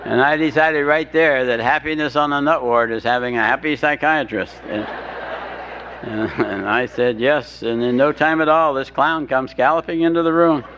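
A man's voice: medium pitch, moderate pace. An older man telling his recovery story to an audience with dry humor, stumbling over words and acting out what others said. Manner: dry humor, restarts, quotes others in voices. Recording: dull lo-fi talk recording with faint hiss.

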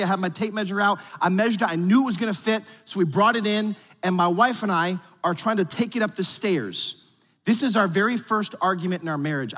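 A man's voice: high-pitched, fairly bright tone. A man preaching a conversational, joking sermon to his congregation in a church. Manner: playful, joking, talks straight to the congregation. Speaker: pastor. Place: church sanctuary. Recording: long reverb from a large hall.

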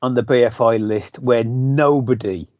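A man co-hosting a podcast in casual chat, wry and quick to laugh, bantering about films. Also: medium pitch, fairly even intonation, a little mellow, no room sound, lo-fi sound. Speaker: podcast co-host.

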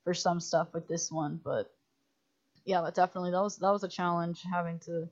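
Chatty woman with a low voice, lo-fi. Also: fairly quick. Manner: animated storytelling, many "like"s, acts out quotes. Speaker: guest filmmaker. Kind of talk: casual podcast chat.

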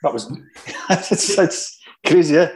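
A Scottish man, a former footballer, chatting casually and telling stories with halting restarts. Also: fairly high pitch, animated, darkish tone, whispered, rough recording. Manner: halting, many restarts, anecdotal. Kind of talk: casual chat.

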